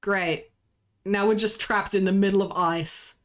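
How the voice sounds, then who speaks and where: A woman streamer in the middle of a story game, reading dialogue aloud and chatting casually between lines. Her pitch sits in the ordinary middle range, and she laughs easily. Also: fairly even intonation, measured pace. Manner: casual, laughs often, reads lines in character.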